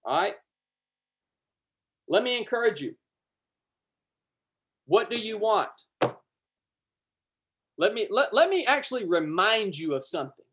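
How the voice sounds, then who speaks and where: Fervent preacher, loud bursts. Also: male voice, sits high, big pitch swings, measured pace, long pauses. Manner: fervent, repetitive, swells loud then drops to casual asides. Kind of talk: livestreamed sermon.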